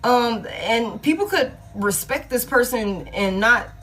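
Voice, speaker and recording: A woman's voice: fairly high pitch, lively intonation, takes it slowly, fairly bright tone. Blunt, profane woman doing a tarot reading. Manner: casual, blunt and profane, thinking aloud. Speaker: tarot reader. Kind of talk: collective love tarot reading.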